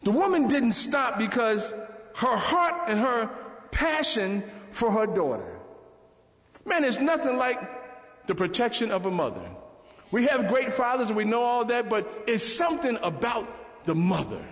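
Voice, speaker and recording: A man preaching a sermon in a church, animated and calling out to the congregation. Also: extremely high pitch, unhurried. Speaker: pastor. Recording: echoey church hall.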